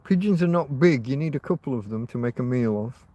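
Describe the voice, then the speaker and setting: A man's voice: mid-range voice, animated, fairly quick, mellow, dry recording, muffled recording. A man hosting a casual livestream, rambling and chatting to his viewers with frequent restarts. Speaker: livestream host.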